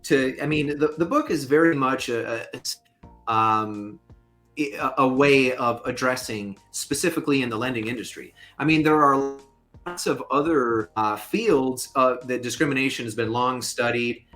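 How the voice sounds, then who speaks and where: A man speaking as a guest on a podcast interview, mid-pitched and emphatic. He explains his points with conversational force and throws in the odd joking aside. Soft music sits faintly under his voice. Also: a little slow. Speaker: guest, fair lending consultant.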